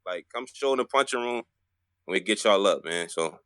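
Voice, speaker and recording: A man's voice: on the low side, lively intonation, fairly quick, a bit bright, no echo, clean studio sound. A man co-hosting a podcast, hyping listeners up with street slang. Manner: hyped, promotional, street slang. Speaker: podcast co-host. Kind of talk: casual podcast chat.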